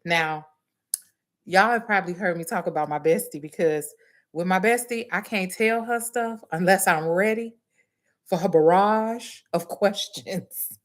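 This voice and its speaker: A woman's voice: on the low side, measured pace. Laughing woman telling a story. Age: adult nursing student. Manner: animated, laughs often, Southern US dialect grammar. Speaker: livestream host. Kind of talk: casual storytelling to viewers.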